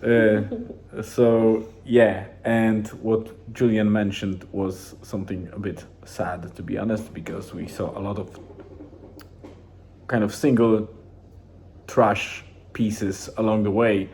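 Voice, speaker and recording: Low, dark-voiced man rambling casually. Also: takes it slowly, a little hiss or hum. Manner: rambling, relaxed, with many restarts and fillers. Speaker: vlogger. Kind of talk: casual daily journal vlog.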